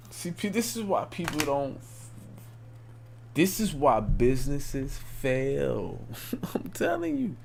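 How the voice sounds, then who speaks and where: A man's voice: lowish voice, creaky, a little mellow, slight background noise. A young man talking casually on a late-night live stream, rambling and repeating himself in loose, informal speech.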